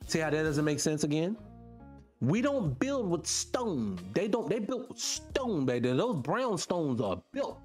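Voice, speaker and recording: A man hosting his own video, talking casually to his viewers, calling them y'all and firing off rhetorical questions. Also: on the high side. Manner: animated, keeps asking rhetorical questions; talks directly to the audience as y'all. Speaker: vlog host.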